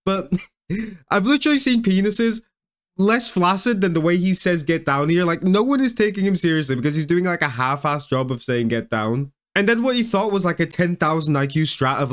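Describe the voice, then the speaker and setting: A man's voice: on the high side, a little fast. Joking young man mocking a clip. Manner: mocking, laughs often, stammers and restarts. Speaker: video commentator. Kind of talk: comedic reaction commentary.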